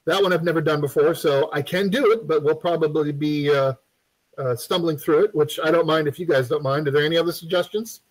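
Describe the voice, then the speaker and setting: In a poorly recorded live stream, a male game dev instructor chats his way through making a game. His voice is fairly high for a man, and he wanders off topic, restarts sentences, fills gaps with ums and throws jokes at viewers.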